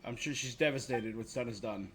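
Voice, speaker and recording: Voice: mid-range voice, brisk, a little hiss or hum. A streamer making joking, irreverent asides while playing a game live.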